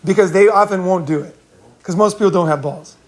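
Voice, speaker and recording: A man's voice: sits high, brisk. A middle-aged man hosting a casual chat, telling stories in a blunt, profane, rambling way with many restarts. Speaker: host.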